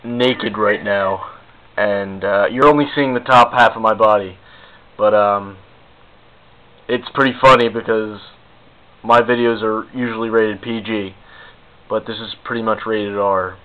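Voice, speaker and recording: A man's voice: on the low side, fairly even intonation, measured pace, pauses often, muffled recording. A young man rambling casually to the camera in a goofy, self-mocking vlog. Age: young adult. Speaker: video blogger.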